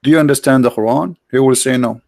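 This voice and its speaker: Gravelly Arab man pressing with questions. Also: medium pitch, quick pace, darkish tone, dry recording. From Arab world. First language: Arabic. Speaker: debate host. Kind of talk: live online debate.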